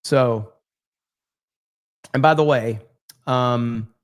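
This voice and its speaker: A man's voice: medium pitch, drawn-out words. A man hosting a live stream, giving brash, profane, repetitive commentary. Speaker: streamer host.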